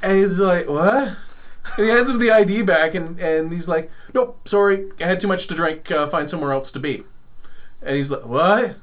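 A man's voice: high-pitched, moderate pace. A man hosting a podcast, telling a rambling anecdote and acting out what people said. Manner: rambling anecdote, acts out quoted dialogue. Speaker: podcast host. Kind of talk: casual storytelling. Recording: phone-like narrow sound.

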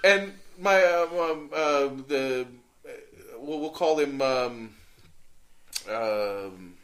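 A man's voice: mid-range voice, extremely slow, a bit bright. A man telling a long, rambling story in casual chat, full of fillers, restarts and swearing.

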